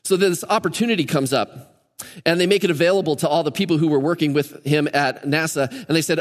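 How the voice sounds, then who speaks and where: American male pastor, animated casual preaching, slightly high pitch, echoing sanctuary. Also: fairly quick. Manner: energetic, conversational, rising higher when excited. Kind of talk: sermon. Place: church sanctuary.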